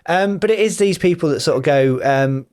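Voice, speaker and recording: A man's voice: fairly high pitch, moderate pace, a little mellow, smooth. A man co-hosting a podcast in a casual chat, teasing his friend and mimicking other people's voices for laughs. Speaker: podcast co-host.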